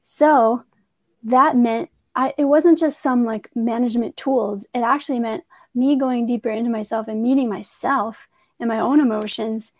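A woman's voice: a little high, fairly even intonation, moderate pace, no room sound. A woman who works as a transformative coach, earnestly telling a personal story in a conversational way, often restarting her sentences.

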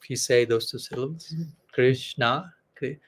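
Speaking in a mid-range voice, a man who teaches spirituality delivers a devotional talk. His delivery is sincere but halting, with frequent laughter between ideas.

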